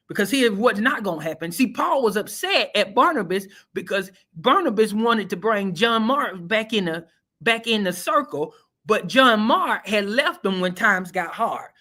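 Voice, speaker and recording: A man with a high, fairly bright voice hosts and preaches a sermon-style motivational talk. He's emphatic and folksy, colloquial and direct, falling into a repeating preaching cadence.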